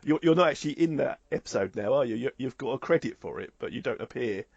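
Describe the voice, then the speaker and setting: Interviewer, male, gravelly low-key voice, hesitant, muffled call sound. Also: animated, fast. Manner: soft-spoken, hesitant, with repeated restarts. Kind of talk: casual interview chat. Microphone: video call. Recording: dull lo-fi call audio.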